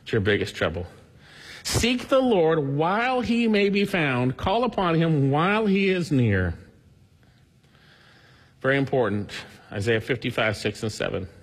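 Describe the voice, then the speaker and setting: A man's voice: on the high side, big pitch swings, unhurried, pauses often, husky, long reverb tail. A man preaching a sermon, earnestly reading scripture aloud with emphasis. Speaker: pastor.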